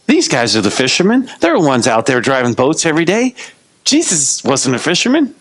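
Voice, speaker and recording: A man's voice: medium pitch, huge pitch swings, a little fast, a bit bright, husky. A male pastor preaching a sermon in a casual, playful storytelling manner.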